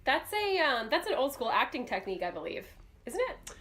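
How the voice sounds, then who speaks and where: A woman's voice: high voice, big pitch swings, a little fast, a bit bright. A young adult woman co-hosting a podcast, giving chatty advice with plenty of fillers. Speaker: podcast co-host. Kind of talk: casual podcast chat.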